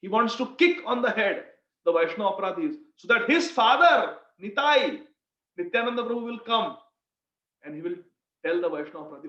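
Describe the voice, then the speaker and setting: A man leads a devotional scripture class, explaining with homely stories and warmly addressing his listeners as friends. His voice is fairly high for a man. The sound is dull and lo-fi, with plenty of room echo. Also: expressive, fairly quick. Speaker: scripture teacher.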